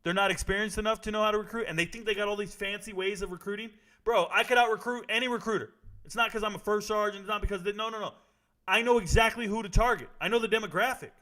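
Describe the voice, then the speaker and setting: Male host, high-pitched, casual livestream rant, blunt, emphatic, ex-army first sergeant. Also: pushed and bright. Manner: blunt, emphatic, repeats his points. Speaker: show host reading chat.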